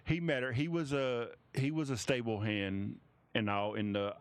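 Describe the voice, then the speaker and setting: A man narrating as game master of a tabletop game, halting and restarting often. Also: medium pitch, fairly even intonation, clean tone, dry recording. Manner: halting, many restarts and fillers.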